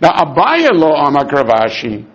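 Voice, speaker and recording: A man teaching a Talmud lesson in an argumentative, animated way, dropping in Aramaic terms and restarting his sentences. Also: fairly high pitch, normal speed. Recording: dull lo-fi recording.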